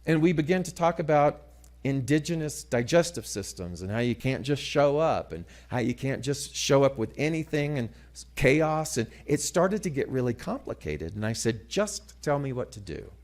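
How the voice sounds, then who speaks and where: A middle-aged man giving a sermon-style talk, telling a story dramatically and moving between loud passages and hushed ones. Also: medium pitch, very animated, normal speed. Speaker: guest speaker.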